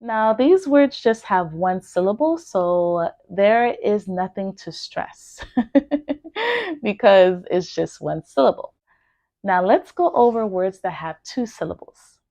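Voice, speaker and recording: An American woman teaching English pronunciation, carefully enunciating example words in a clear instructional lesson. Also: medium pitch, lively intonation, warm tone, dry recording. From United States. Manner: deliberate, carefully enunciated word drills.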